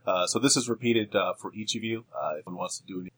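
Man, game master, low husky voice, relaxed, many pauses. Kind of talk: narrating a tabletop game.

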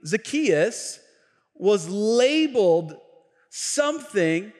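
A middle-aged male pastor telling a story in a sermon, chatty and animated, with restarts and asides. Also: high voice, extremely slow. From Tacoma, Washington. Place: church sanctuary. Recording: echoey church hall.

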